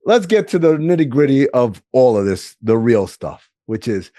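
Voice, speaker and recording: A man hosting a sports podcast, talking in animated, teasing banter. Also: mid-range voice, normal speed, no room sound. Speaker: podcast host. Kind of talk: casual sports talk.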